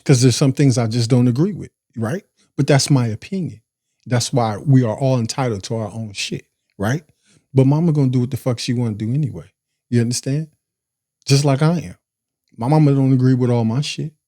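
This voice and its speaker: A man talks through his life story in a loose, streetwise way, cursing freely and checking in with "you feel me?" His voice is mid-pitched and mellow. The sound is dry and close, with no room echo. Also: a little fast. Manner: profane, streetwise, keeps asking "you feel me?"; breaks into laughter. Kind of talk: casual storytelling monologue.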